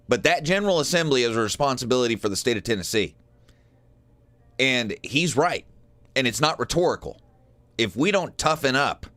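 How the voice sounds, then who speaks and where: A man's voice: medium pitch, fairly bright tone, no echo. A man co-hosting a political podcast, earnest and emphatic, repeating his points for weight. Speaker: podcast co-host. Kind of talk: political commentary.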